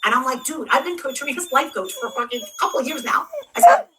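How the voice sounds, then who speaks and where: A woman's voice: high-pitched, fast, pushed and bright, distant mic, a little hiss or hum, low-quality recording. A woman telling a heated, profane story to her audience, acting out what others said in shifting voices. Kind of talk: ranting storytime.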